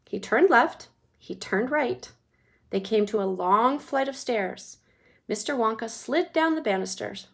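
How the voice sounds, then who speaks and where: A woman's voice: on the high side, unhurried, gravelly. Woman reading a children's book aloud. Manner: expressive storytelling. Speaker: reader.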